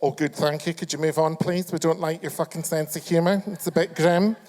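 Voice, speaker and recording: A Scottish man with a high-pitched voice works a live crowd as a chat show host. His talk is camp and foul-mouthed, and he keeps needling audience members with sharp teasing. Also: fairly even intonation, brisk. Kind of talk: live stand-up crowd work. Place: live comedy venue.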